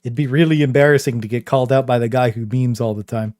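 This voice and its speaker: A man's voice: medium pitch, steady tone, quick pace, a little mellow, no room sound, studio quality. A young man casually chatting on his game livestream, rambling with lots of fillers and a trolling swagger. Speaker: game streamer.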